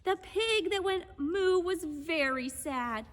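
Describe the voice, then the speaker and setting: A woman gently and patiently teaching children a lesson on horses and reading them a storybook aloud. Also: very high voice, animated, takes it slowly, few pauses, in a large hall. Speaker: children's horse program instructor.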